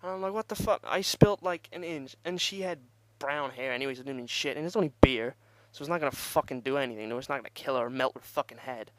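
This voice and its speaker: A man's voice: medium pitch, fast, few pauses, fairly bright tone. A young man telling a rambling, profane party story in casual vlog style and laughing at himself. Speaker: vlogger.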